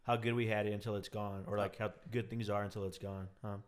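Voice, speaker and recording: A young man hosting a podcast, chatting casually and asking relaxed, agreeable questions. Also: on the low side, fast talker. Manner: relaxed, agreeable interviewer, short backchannels. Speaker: podcast host. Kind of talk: casual chat.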